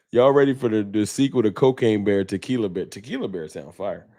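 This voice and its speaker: A man's voice: on the low side, normal speed, dark tone. A man hosting a casual sports fan livestream, talking loose and slangy as he reads out viewer donations. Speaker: fan talk show host.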